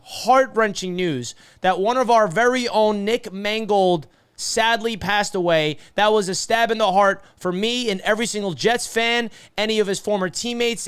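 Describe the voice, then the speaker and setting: A man hosting a sports fan channel, giving an emotional recap vlog in an earnest, passionate way, speaking in rushes and repeating himself. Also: high voice, fairly bright tone, clear, resonant tone. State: emotional, grieving.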